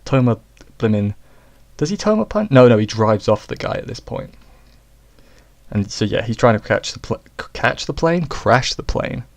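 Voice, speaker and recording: A man's voice: mid-range voice, expressive, moderate pace, vocal fry. A man giving a casual, rambling episode review, correcting himself and joking as he goes. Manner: rambling, self-correcting, jokey asides. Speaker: anime reviewer.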